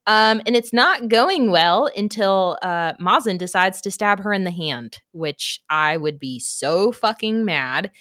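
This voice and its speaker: A woman's voice: mid-range voice, animated, pushed and bright, dry recording, studio quality. Chatty, profane young woman. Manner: chatty, profane plot retelling with quick asides. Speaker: book club podcast co-host. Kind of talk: casual chat.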